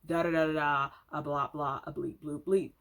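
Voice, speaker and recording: A woman's voice: sits low, level tone, normal speed, fairly bright tone. A woman voicing a bratty, boastful young girl in a story retelling, in a snooty, dismissive tone.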